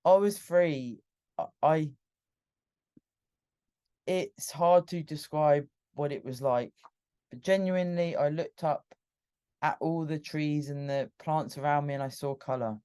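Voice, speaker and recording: Candid British woman with a mellow voice. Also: low-pitched, measured pace, pauses often, clean tone. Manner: candid and emotional, with frequent restarts. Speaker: podcast host. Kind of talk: personal storytelling monologue.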